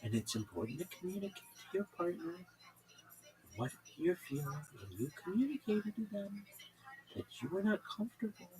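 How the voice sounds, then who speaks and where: A man voicing a calm, soothing woman who hosts a late-night radio call-in show, speaking with slow, gentle reassurance. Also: sits high, music in the background, pitched above the performer's own voice, rough recording.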